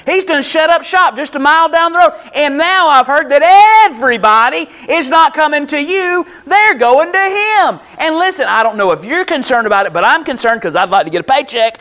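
A man voicing an agitated male disciple who talks fast in slang and repeats words for emphasis. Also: on the high side, fairly bright tone, natural voice. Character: agitated adult male disciple, worried and indignant.

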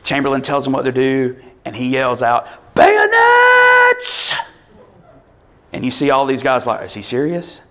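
A man preaching a sermon, telling a story with rising energy and bursts of shouting. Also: medium pitch, a little fast, hardly any pauses, smooth. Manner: animated storytelling, builds to shouts.

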